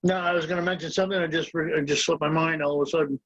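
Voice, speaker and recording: High-voiced halting co-host, dry lo-fi. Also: male voice, steady tone, a bit bright, no room sound. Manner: hesitant, halting with fillers. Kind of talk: casual sports talk. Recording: dry dull lo-fi audio.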